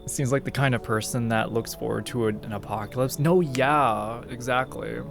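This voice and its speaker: A male streamer chatting casually over a game, joking and stumbling over his words as he addresses his chat. His mid-pitched voice has a gravelly fry, and the game's music plays clearly beneath him. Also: moderate pace. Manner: joking, hesitant, talks to chat.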